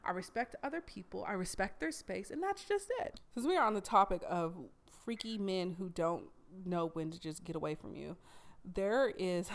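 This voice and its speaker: Blunt, animated woman telling a story. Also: lowish voice. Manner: animated, blunt, with emphatic swearing. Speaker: podcast host. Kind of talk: casual storytelling monologue.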